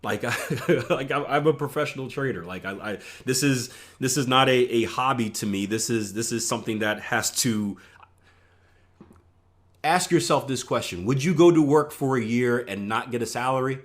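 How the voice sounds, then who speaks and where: A man's voice: mid-range voice, moderate pace. A man working as a trading coach, talking casually through charts and keeping his listeners with him by asking "right?" again and again, with self-mocking asides. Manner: conversational, many filler "right?" checks, self-mocking asides. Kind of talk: casual teaching over a screen share.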